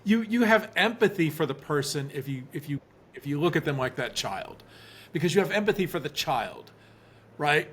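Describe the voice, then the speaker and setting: A man's voice: fairly high pitch, animated, normal speed, fairly bright tone, slight background noise. A man, a relationship expert guest, telling a personal story earnestly in an interview. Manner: earnest, repeats words when starting.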